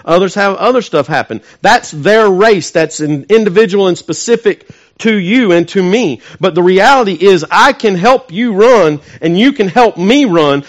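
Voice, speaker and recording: A male pastor with a high voice preaches a sermon, swinging from loud, emphatic peaks to quiet, intimate asides and asking his congregation questions. The audio sounds dull.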